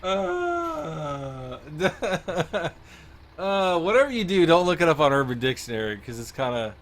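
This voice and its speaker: A man's voice: on the high side, big pitch swings, takes it slowly, a bit bright. A man doing casual livestream commentary over a farming game, giggly and rambling, often losing his train of thought. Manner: giggly, easily cracks up laughing. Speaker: game streamer.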